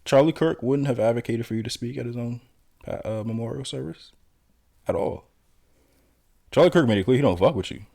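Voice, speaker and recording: A man's voice: mid-range voice, fairly quick, gravelly, pauses often, mellow. A man giving political commentary in a blunt, lecturing, confrontational manner.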